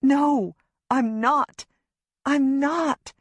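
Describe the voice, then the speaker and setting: A frightened young mother held captive, as a woman reads her lines, pleading through tears and gasps. The reading is slow and careful. The recording is close and dry. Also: high voice, no room sound, voice pushed up. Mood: terrified. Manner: pleading, tearful, breathless. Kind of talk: audiobook narration.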